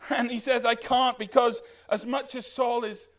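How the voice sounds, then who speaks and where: A man preaching a sermon as pastor, animated and putting questions to the congregation. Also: very high-pitched, moderate pace.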